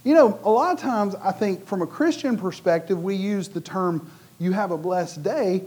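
A middle-aged man from the United States preaching a sermon in a conversational way, acting out the voices of the people in his stories. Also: high voice. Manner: animated, acts out quoted voices. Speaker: pastor.

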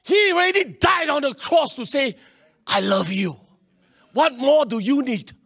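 Man, pastor, sermon, high voice, lively, acts out quotes. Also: vocal fry. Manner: animated, acts out quoted voices, swings between loud and quiet.

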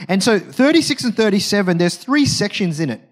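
A male preacher delivers a conversational, animated sermon, frequently checking in with his listeners. His voice is high-pitched and his pace brisk.

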